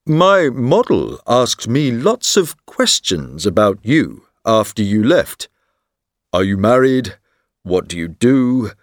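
A relaxed painter with an easy, teasing manner, voiced slowly in a storybook by a man reading all the parts. His lines move freely up and down in a dry, close recording. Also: medium pitch, no room sound. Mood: amused.

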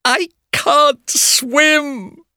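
A man voicing a scheming female villain who speaks slowly and with menace. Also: mid-range voice, huge pitch swings, vocal fry, pushed and bright, no echo, clean studio sound, pitched above the performer's own voice, exaggerated voice. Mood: self-pitying. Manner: slow, drawn-out menacing delivery.

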